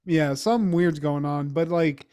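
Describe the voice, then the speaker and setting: Rambling, profane man with a higher voice. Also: normal speed, mellow, smooth. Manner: loose, profane, rambling with many fillers. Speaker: podcast co-host. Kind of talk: casual recap chat.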